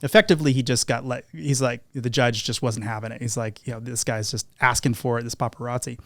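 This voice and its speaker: A man with a mid-range voice hosts a podcast, rattling through a casual anecdote at a fast clip. He animates it by performing the quoted lines. There is no room sound.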